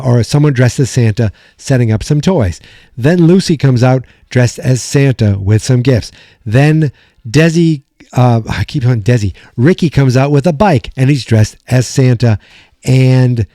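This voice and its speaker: A man's voice: medium pitch, no echo, clean studio sound. Rambling man recapping an old sitcom. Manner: rambling, animated retelling with quoted lines. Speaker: podcast host. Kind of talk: casual episode recap.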